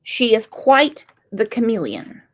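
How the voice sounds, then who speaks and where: A woman's voice: fairly high pitch, huge pitch swings, takes it slowly. A woman commenting on a true crime case with sarcastic, incredulous remarks. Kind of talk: opinionated commentary.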